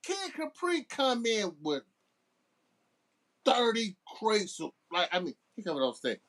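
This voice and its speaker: Slow, lively storytelling DJ man. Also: high voice. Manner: laid-back anecdotes with restarts, slips into the voices of people in his stories. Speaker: guest DJ. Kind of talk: casual storytelling.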